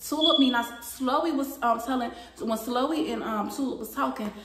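A young woman telling a story from her workplace to her viewers, animated and blunt, swearing freely. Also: sits high, moderate pace. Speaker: vlogger. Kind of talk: casual storytime chat. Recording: echoey room.

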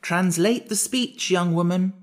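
A man's voice: sits high, unhurried, voice pushed up. Man voicing a pompous Scarecrow king. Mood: haughty. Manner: grand, lecturing, easily flustered. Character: pompous straw-stuffed king, vain and touchy. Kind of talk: audiobook character voice.

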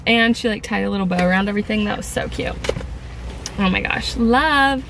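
A young lifestyle vlogger chats casually and gushes bubbly enthusiasm, saying "like" and "um" a lot. Her medium-pitched voice is fairly quick and creaky, and the vlog recording is noisy.

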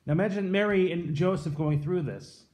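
A fairly high-pitched man in his thirties gives a daily devotion as a pastor. His tone is mellow and warm, and he reads scripture before telling personal stories earnestly. He often drops to a soft, hushed delivery on the tender parts. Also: normal speed. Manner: earnest, reflective storytelling that drops soft and quiet on tender points. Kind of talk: scripture reading and devotional sermon.

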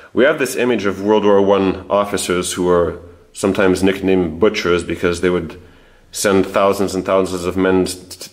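A man hosting a history video, explaining his research in a casual, thinking-aloud way with frequent restarts. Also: low voice. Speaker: history channel host. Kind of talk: casual spoken history presentation.

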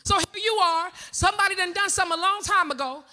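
A woman's voice: very high voice, fast talker, pushed and bright. A woman pastor, preaching an impassioned sermon in a church and calling out to the congregation. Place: church sanctuary.

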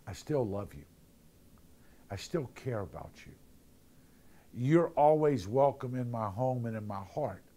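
A man's voice: mid-range voice, warm tone. A man giving a sermon, talking conversationally and telling jokey stories. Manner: conversational, jokey storytelling with acted-out voices. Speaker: preacher.

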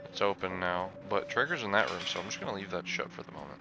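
A young man hosting a horror game playthrough, chatting casually and yelping and shouting when startled. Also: low voice, expressive, fast, creaky. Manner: jumpy, yelps and shouts when scared. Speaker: gaming video host. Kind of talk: let's play commentary. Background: game music.

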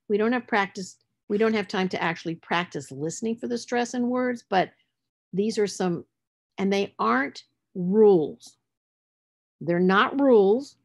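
Woman literacy instructor, lower voice, patient explanatory lecture delivery. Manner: explanatory, spells out letters, stresses words for emphasis. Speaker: literacy teacher. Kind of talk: presenting a lecture on word structure.

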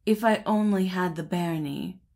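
A woman voicing a vain, boastful male shirt collar in a storybook, speaking with pompous, gushing flattery. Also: fairly low pitch, moderate pace.

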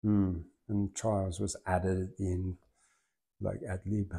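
An Australian man hosting a poetry open mic, who chats loosely with many fillers and then reads rhyming verse loudly and rhythmically. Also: low voice, level tone, slow pace, creaky, breathy edge. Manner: loose and rambling, with many fillers, swinging into loud rhythmic recitation. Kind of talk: reciting rhyming poetry and rambling chat.

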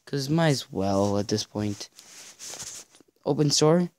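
A man giving let's-play commentary, exasperated and stammering, often pleading out loud with the game. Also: mid-range voice, animated, slow, long pauses. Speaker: gaming video creator.

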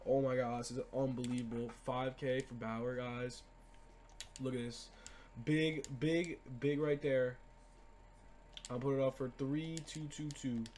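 A young man giving excited, slangy gameplay commentary as a gaming YouTuber, repeating himself often. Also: medium pitch, a little hiss or hum. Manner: hyped, repetitive, slangy.

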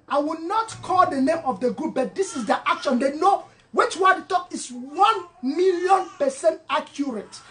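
In a high-pitched voice, a woman delivers an impassioned online commentary in Cameroonian-accented English laced with Pidgin. The monologue is emphatic and repetitive, alternating loud and soft passages.

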